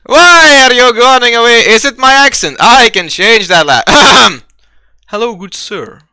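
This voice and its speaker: A man voicing a loud, over-polite male tavern keeper in a tabletop game, with haggling salesman patter. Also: medium pitch, lively intonation, unhurried, no echo. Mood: fawning.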